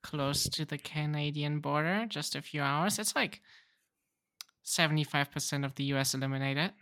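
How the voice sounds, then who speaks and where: A woman co-hosting a podcast, teasing her co-host in casual, deadpan chat. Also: deep voice, normal speed, no room sound, studio quality.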